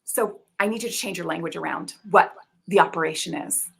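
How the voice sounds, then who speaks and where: A woman's voice: on the low side, fairly quick, vocal fry, a bit bright, breathy edge, full character voice, poor audio. Bossy, condescending corporate executive woman, as an actress plays her; pompous, heavy on jargon, improvised comedy. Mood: haughty. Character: bossy female biotech executive, pompous and dismissive.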